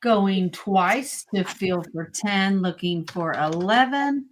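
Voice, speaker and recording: A woman co-hosting a live sale, calling bids in measured set phrases. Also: mid-range voice, a little hiss or hum. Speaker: auctioneer co-host.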